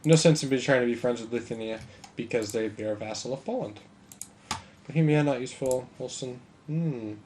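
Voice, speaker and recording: A man's voice: medium pitch, fairly quick, darkish tone, a little hiss or hum. A man casually commenting on a strategy game as he plays, thinking aloud with mild sarcasm. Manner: musing aloud, mildly sarcastic. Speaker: gameplay commentator.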